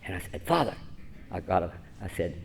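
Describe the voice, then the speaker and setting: A man's voice: low-pitched, very animated, a little fast, vocal fry, slight background noise. A man in his seventies giving a rambling, self-mocking personal talk at a church conference, chuckling often. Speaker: conference speaker.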